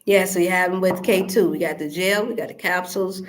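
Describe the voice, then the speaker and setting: A woman's voice: fairly low pitch, brisk. Emphatic middle-aged woman wellness host. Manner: animated, preachy, rising to emphatic. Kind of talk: casual livestream talk to viewers.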